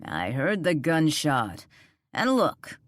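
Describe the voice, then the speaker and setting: Lady putting on a harsh angry guy yelling, audiobook, dry close mic. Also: deep voice, sing-song, takes it slowly, dry recording, heavily acted. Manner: shouting, harsh and commanding. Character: angry demanding man confronting a stranger. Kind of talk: audiobook character voice.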